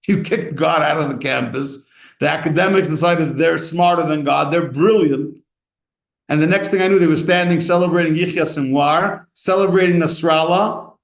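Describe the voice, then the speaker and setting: A man preaching as a rabbi, animated and impassioned, acting out short exchanges as he speaks. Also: a little high. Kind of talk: sermon. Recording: echoey room.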